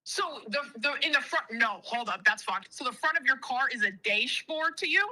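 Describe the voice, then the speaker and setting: A woman on a call chats in a lively, teasing way, laughing often and swearing in passing. Her voice is very bright and a little high. It swings up and down freely. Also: moderate pace, low-quality recording. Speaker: streamer on a call. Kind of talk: casual chat on a call.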